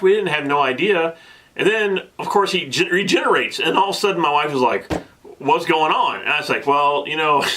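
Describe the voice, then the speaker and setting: A man in his thirties, telling a casual vlog story with excitable, animated energy and many restarts, at times getting emotional. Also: on the high side. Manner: gets emotional. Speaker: vlogger.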